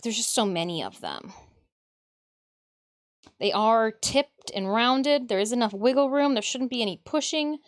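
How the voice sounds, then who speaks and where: A woman from Michigan chats to her stream audience while she works on a cosplay at an indoor craft table. She mutters to herself between remarks to her viewers, and her high voice swings up and down a lot. She laughs often and speaks at an unhurried pace. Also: big pitch swings. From Michigan, USA. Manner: chatty, mutters to herself and talks to chat. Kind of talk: casual livestream chat while crafting.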